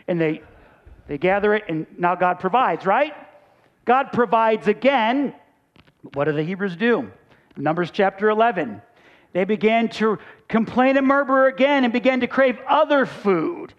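High-voiced man preaching a sermon. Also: animated, normal speed, highs cut off. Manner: conversational preaching with rhetorical questions. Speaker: pastor.

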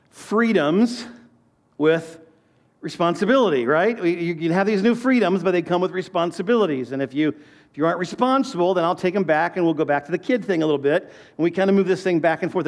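A man in his fifties delivers a sermon with a notably high voice. He keeps it conversational, telling family stories and asking his listeners questions as he goes. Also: a little mellow. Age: 50s. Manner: conversational preaching with personal stories and questions to the congregation. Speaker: pastor.

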